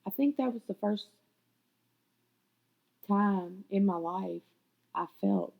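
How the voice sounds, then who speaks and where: Woman podcaster, raspy gravelly voice, swears a lot, spilling her story on a muffled lo-fi mic. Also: medium pitch, takes it slowly. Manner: raw, candid, swears freely. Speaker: podcast host. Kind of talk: confessional personal storytelling.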